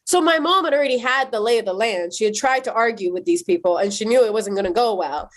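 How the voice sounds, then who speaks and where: Woman from Iran, podcast guest; animated storyteller, slightly high voice, filler-heavy. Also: fast. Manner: animated, frequent "like" fillers, acts out quoted people. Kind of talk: personal storytelling in conversation.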